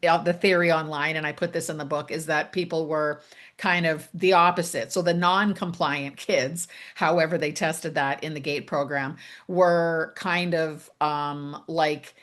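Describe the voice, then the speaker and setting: A woman in her fifties with a lowish voice, talking casually as a guest. She rambles through her thoughts with many fillers and small laughs. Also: fairly even intonation, unhurried, fairly bright tone. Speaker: author and guest. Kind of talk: casual conversation.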